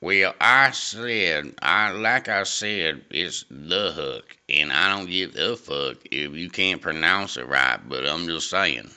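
A man's voice: low-pitched, slow, few pauses, pushed and bright, clean tone, full character voice. A man putting on a drawling hillbilly good old boy. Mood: annoyed. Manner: rambling, drawling, crude. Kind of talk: improvised comedy podcast bit.

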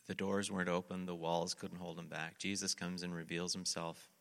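A male pastor preaching a sermon, telling the story in an animated way and acting out the quotes. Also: sits low, moderate pace, vocal fry, big-room sound.

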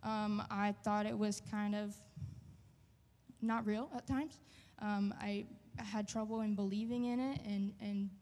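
A woman sharing a personal testimony in church, earnest and halting, with many fillers. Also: mid-range voice, fairly even intonation, darkish tone, big-room sound. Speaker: church member giving testimony.

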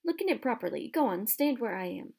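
A woman reading aloud, voicing an earnest young boy wizard who talks in a hushed, urgent way. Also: fairly high pitch, big pitch swings, brisk, creaky, husky, heavily acted.

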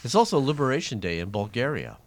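A man co-hosting a casual radio show as quizmaster, reading out a list of special days with lively emphasis. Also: medium pitch, fast talker. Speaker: quizmaster co-host. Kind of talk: casual studio banter.

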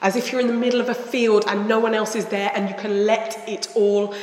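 A woman giving a sermon in a church, speaking in a slow, reflective and earnest way. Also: medium pitch, level tone, darkish tone. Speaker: preacher. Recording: echoey church hall.

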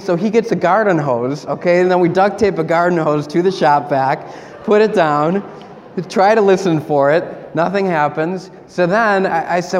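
A male priest tells a lively, chatty story from the pulpit, with frequent laughs in his voice. His voice sits a bit high for a man. It rings out with long church reverb over a faint background hum. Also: normal speed. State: sick with a cold. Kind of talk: storytelling homily.

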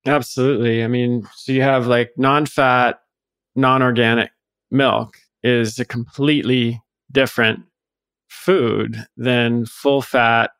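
Guy, health expert guest, calm explainer vibe, dry close mic, nothing behind. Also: mid-range voice, clean tone, no room sound. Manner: explanatory, measured, with small restarts. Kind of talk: conversational podcast interview.

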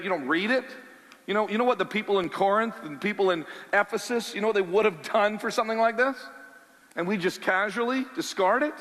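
Male pastor, sermon delivery, lively and conversational, bright forceful tone, hall reverb. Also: sits high. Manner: animated, conversational preaching with rhetorical questions.

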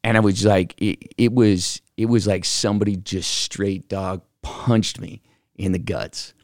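Middle-aged man, low and gravelly, casual animated storyteller who acts out the dialogue. Dry sound. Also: measured pace, no echo. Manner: animated, acts out quoted voices, many fillers. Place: office.

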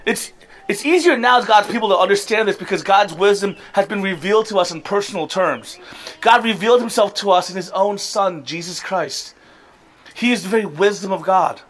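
A man's voice: high voice, fairly quick, a bit bright. A man in his thirties preaching a sermon as a pastor, earnest and building to impassioned appeals.

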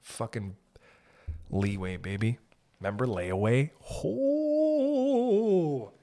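A man's voice: mid-range voice, normal speed. A man in his thirties with a Canadian accent and a stuffy nose, riffing in a rambling, profane, jokey podcast monologue. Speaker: podcast host. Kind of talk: casual comedic monologue.

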